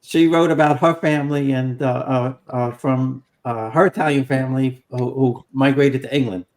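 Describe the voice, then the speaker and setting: A man hosting a casual panel chat, relaxed and friendly, with some fillers. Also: medium pitch, normal speed. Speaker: host.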